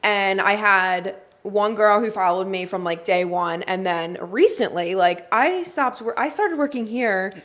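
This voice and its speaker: A woman's voice: mid-range voice, unhurried, hardly any pauses, a bit bright. A woman in her twenties, a podcast co-host and waxing specialist, talking in a chatty, casual way with many "like" fillers. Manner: chatty, fills speech with "like". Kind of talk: casual chat.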